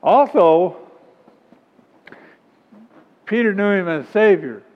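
A man preaching a sermon and reading scripture, emphatic and rising in pitch on key points. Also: animated, slow. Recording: dull sound with long hall reverb.

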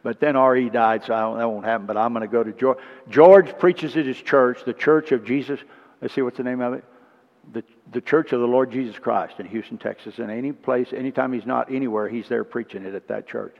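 A man preaching a sermon, telling stories with asides and clearing his throat often, sounding emotional. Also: mid-range voice, fairly quick. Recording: muffled recording with long reverb.

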